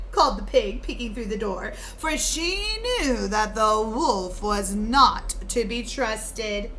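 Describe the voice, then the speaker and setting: A woman reading a storybook aloud to children like a teacher, expressive, and pausing to ask them questions. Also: on the high side, faint music behind. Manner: expressive, asking the listeners questions.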